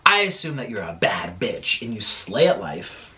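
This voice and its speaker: Eating on camera at home, this young man talks casually and animatedly for his mukbang vlog, letting swear words fly once he gets worked up. He speaks at a normal speed in a lowish voice.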